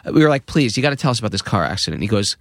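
A man in his fifties, a podcast guest, telling an anecdote with lively acted-out quotes. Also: lowish voice, racing, no room sound. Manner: lively storyteller acting out quoted voices. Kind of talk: anecdotal storytelling.

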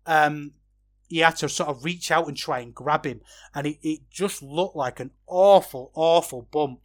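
A man's voice: on the high side, a little slow. Rambling man on a podcast. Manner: rambling, animated when worked up. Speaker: podcast host. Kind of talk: casual review podcast.

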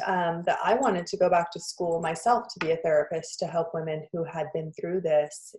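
A woman's voice: mid-range voice, a little mellow. A woman in her thirties, a trauma therapist, tells her personal story in an interview in an earnest, emotional way, with lots of "like" fillers. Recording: roomy echo.

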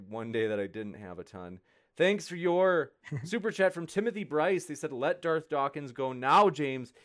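A young man hosting a debate livestream, reading out viewer super chats in a scattered, giggly way. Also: mid-range voice. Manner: giggly, scattered, laughing between lines. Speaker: debate moderator and livestream host.

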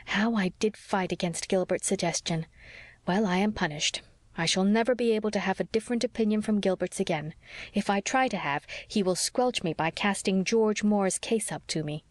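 A woman's voice: medium pitch, moderate pace, dry recording, natural voice. A woman reading an eager romantic young wife. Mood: wistful. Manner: eager, exclamatory.

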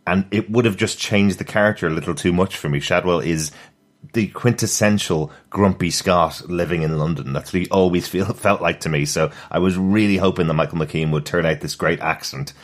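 A man's voice: low voice, a little fast. A man co-hosting a casual podcast, chatty and laughing often as he discusses a TV episode. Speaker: podcast co-host.

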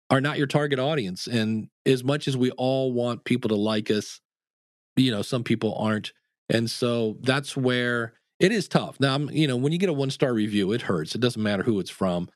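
Animated podcast coach, dry sound. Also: male voice, mid-range voice, moderate pace, no room sound. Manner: animated storyteller, acts out quoted people. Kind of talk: interview answers.

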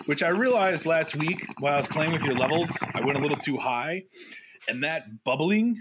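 A man's voice: on the high side, moderate pace, heavy background noise. A man co-hosting a casual podcast, teasing his friend and acting out scenes as he tells them. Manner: teasing, animated storyteller who acts out quotes. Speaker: podcast co-host. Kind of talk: casual chat. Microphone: podcast microphone.

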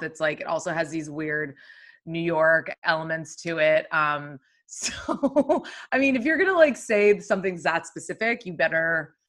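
A woman's voice: lowish voice, pushed and bright. A woman co-hosting a podcast, chatting about films in a breezy manner, often laughing. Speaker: podcast co-host. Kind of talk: casual film chat.

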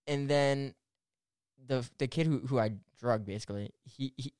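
A man's voice: mid-range voice, normal speed, clean tone. A young man casually telling a rambling story full of fillers and restarts, swearing freely. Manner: animated, swears and laughs through the story.

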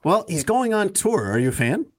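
A man's voice: high-pitched, very animated, normal speed. A man hosting a casual talk show, running through news items and teasing his co-hosts. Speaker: host.

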